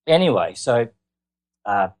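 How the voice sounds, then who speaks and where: A man with an Australian accent, telling his own story as an interview guest in an earnest, halting way with many filler words. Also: mid-range voice, very animated.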